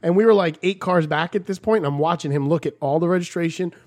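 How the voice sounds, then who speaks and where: Profane, animated young man telling stories. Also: fairly high pitch, quick pace. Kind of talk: casual storytelling chat.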